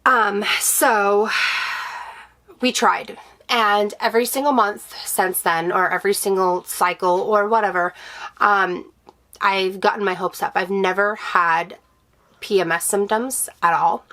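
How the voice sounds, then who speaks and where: A stay-at-home mom vlogs a personal update, candid and emotional, with many fillers and restarts as she reassures her viewers. Her voice is medium-pitched, steady and sharp, and she talks a little slowly.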